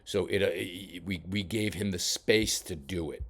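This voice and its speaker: A man coaching a boxer while reviewing fight footage, talking casually with many halting restarts. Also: deep voice, a bit bright. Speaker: boxing coach. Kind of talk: film study commentary.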